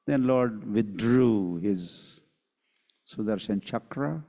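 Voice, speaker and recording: Slow-speaking male spiritual teacher. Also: medium pitch, dark tone. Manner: slow, unhurried storyteller who acts out quotes. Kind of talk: scripture lecture with storytelling. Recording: long hall reverb.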